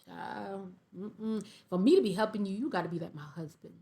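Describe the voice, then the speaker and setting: A young woman, reading viewer comments aloud in a sassy, animated casual commentary. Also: medium pitch, normal speed, vocal fry. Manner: sassy, animated, laughs often.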